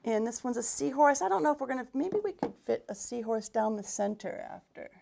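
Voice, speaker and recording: A chatty woman with a fairly high voice and a gravelly edge leads a live craft demonstration as a paint retailer. She rambles, restarts her sentences and mutters asides while a little out of breath. She speaks into a livestream camera in an indoor workshop. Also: lively intonation, fairly quick, warm tone. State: a bit out of breath.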